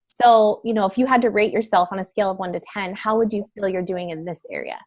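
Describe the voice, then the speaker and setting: A woman's voice: medium pitch, expressive, quick pace, darkish tone. Chatty woman coaching a class. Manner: chatty, filler-heavy, breaks into role-play quotes. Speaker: wellness sales trainer. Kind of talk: casual instructional talk.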